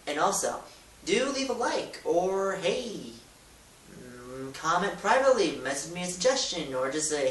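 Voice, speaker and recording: A man's voice: high voice, big pitch swings, measured pace. Goofy man, echoey and distant. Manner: goofy, rambling, loud demonstrations. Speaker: YouTuber. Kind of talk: casual how-to vlog. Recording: echoey room, distant mic, hiss.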